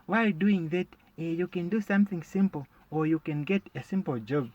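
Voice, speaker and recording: A man's voice: on the high side, a little fast, a little mellow, highs cut off, pitched above the performer's own voice, close to an everyday voice. A man mimicking a patronizing, pitying friend. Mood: consoling.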